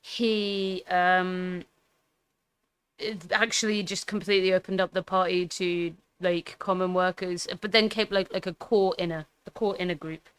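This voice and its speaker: Chatty woman, smooth clear voice. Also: on the low side, fairly even intonation, measured pace. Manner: rambling, fillers, swearing, laughs easily. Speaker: political commentary streamer. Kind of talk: casual reaction commentary.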